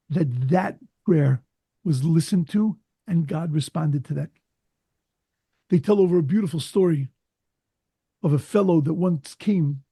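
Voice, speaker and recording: A man, a rabbi, preaching a sermon and telling a story in an earnest, emphatic way, with a husky voice. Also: high voice, warm tone, dry recording.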